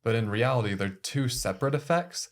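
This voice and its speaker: A man from a clinic's team explaining medical research in a podcast conversation, measured and full of casual fillers. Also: mid-range voice, expressive. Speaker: clinic staff member.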